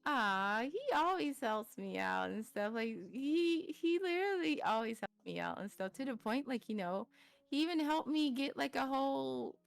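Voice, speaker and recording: A woman's voice: high-pitched, animated, normal speed, creaky, clean tone, no room sound, soft background music. Rambling woman on a home stream mic. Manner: rambling, laughs often, lots of fillers. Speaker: interview guest, VTuber. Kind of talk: casual chat.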